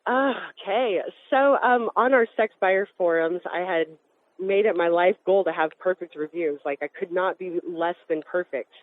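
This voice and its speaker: A woman from Colorado giving personal testimony as an interview guest, talking in fast, urgent phrases that restart often. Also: on the low side. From Colorado, USA. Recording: tinny phone-like line with faint hiss.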